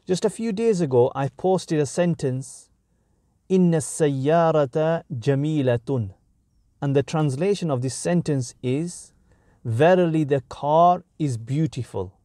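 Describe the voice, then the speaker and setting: Slow, deliberate male grammar teacher. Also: fairly high pitch, lively intonation, mellow, no room sound, studio quality. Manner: slow, deliberate, breaks sentences into short phrases. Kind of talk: explanatory grammar lesson.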